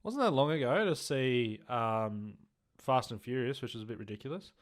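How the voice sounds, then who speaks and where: A man co-hosting a podcast, talking in a relaxed casual way with plenty of fillers and laughing along. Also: mid-range voice, normal speed. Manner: relaxed, lots of ums and likes, laughs along. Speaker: podcast co-host. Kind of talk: casual chat.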